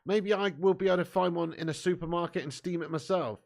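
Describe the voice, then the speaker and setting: A chatty man from the south of England, hosting a live football watch-along. His voice sits a little high for a man. He reads out viewer comments and trades banter, laughing often. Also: fast talker, gravelly. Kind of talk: casual live-stream chat, reading out viewer comments.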